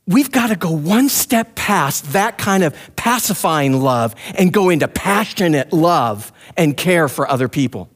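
A man preaching a passionate, pleading sermon, who drops to a soft, low voice when he prays aloud. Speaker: pastor.

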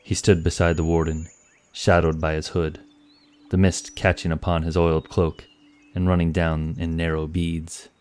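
A man narrating a fantasy story in a measured, scripted way. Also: deep voice, little pitch movement, darkish tone.

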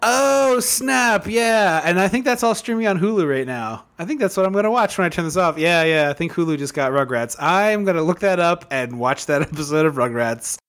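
A man's voice: a little high, expressive, fast, hardly any pauses, a bit bright. A man co-hosting a podcast in casual chat, rambling with lots of fillers and restarts. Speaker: podcast co-host. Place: hot room at home.

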